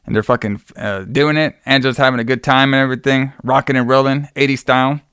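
A man's voice: medium pitch, steady tone, quick pace, a bit bright, clear, resonant tone, dry recording, clean studio sound. Rambling profane man recapping a movie. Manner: rambling, profane, acts out quotes with laughs. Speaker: podcast co-host recapping a movie. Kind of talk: casual movie recap chat.

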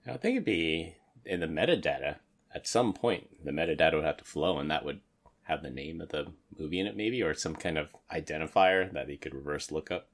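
Very deep-voiced man chatting casually. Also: lively intonation, a little fast. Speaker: podcast co-host. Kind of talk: casual tech chat.

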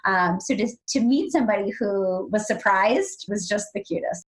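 A woman co-hosting a casual podcast chat, her voice swinging up and down as she tells stories. She acts out what other people said, jumping into higher, excited voices for them. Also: moderate pace, poor audio. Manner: animated storyteller, acts out quoted voices. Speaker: podcast co-host.

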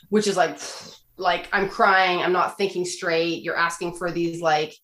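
Low-voiced woman counselor in an echoey room. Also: steady tone, normal speed, few pauses, a bit bright. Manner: earnest and explanatory, acts out quoted phrases. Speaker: guest counselor giving relationship advice. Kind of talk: casual podcast conversation. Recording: roomy echo.

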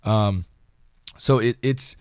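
A man's voice: lowish voice, slow, clear, resonant tone, dry recording, studio quality. A young man co-hosting a casual faith podcast, telling stories with lots of restarts. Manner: chatty, animated storyteller with frequent restarts. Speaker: podcast co-host. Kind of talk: casual chat.

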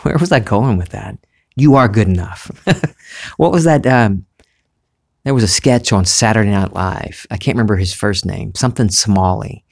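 Brief: man, mild Southern accent, lowish voice, musing spiritual vlogger, unhurried. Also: vocal fry, darkish tone. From Southern United States. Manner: musing, unhurried, restarts phrases, laughs easily. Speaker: spiritual vlogger, former reporter. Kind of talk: reflective spiritual monologue.

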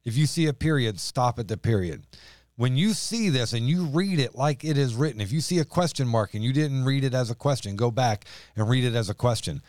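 A man's voice: medium pitch, lively intonation, a little fast, a little mellow, dry recording, studio quality. A man co-hosting a casual Bible discussion podcast, talking in an emphatic, exhorting way. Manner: emphatic, exhorting, dramatic when reading scripture. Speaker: podcast co-host.

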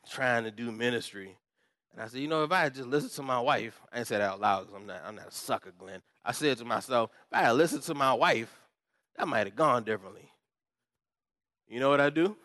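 A pastor preaching a lively sermon, jumping from loud pumped-up exhortation to quiet asides and acted-out voices. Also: male voice, mid-range voice, no room sound, clean studio sound. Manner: animated, swings from loud pumped-up shouting to quiet asides, acts out quoted voices.

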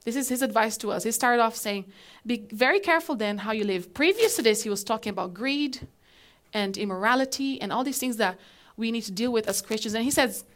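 A woman pastor delivers a lively, conversational sermon to a live church congregation, pausing to pose questions to them. Her voice is fairly high and her pace brisk.

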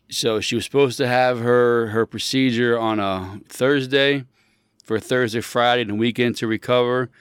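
A man's voice: medium pitch, clean tone, no echo, clean studio sound. A man hosting a show, telling a rambling story in a casual chat and often correcting himself mid-sentence. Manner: animated, emphatic when riled up.

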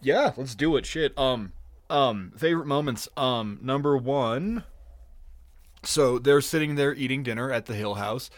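A man's voice: mid-range voice, a little slow, no room sound. A man co-hosting a podcast in casual chat, laughing often and swearing freely as he rambles. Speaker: podcast co-host.

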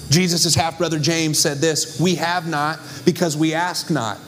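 A man's voice: fairly high pitch, fairly even intonation, a little slow, a bit bright, soft background music. A young adult man preaching a sermon with passion and emphasis, as pastor on a church stage. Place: church stage before a congregation.

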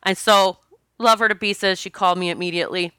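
A woman's voice: mid-range voice, fairly even intonation, fairly quick, bright, forceful tone, clear, resonant tone, dry recording, clean studio sound. A woman talking to camera in a casual, confessional way, rambling and laughing as she goes. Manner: chatty, laughs often, rambling restarts. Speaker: spiritual vlogger.

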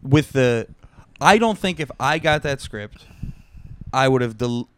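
A man co-hosting a comedy podcast, halting as he searches for words. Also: medium pitch, animated, a little hiss or hum. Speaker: podcast co-host. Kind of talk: casual comedy podcast chat.

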